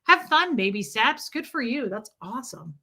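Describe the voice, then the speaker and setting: A woman's voice: fairly high pitch, moderate pace. A young woman livestreaming, telling a story in casual chat and acting out what people said, often breaking into laughter. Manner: animated, acts out quotes with laughs.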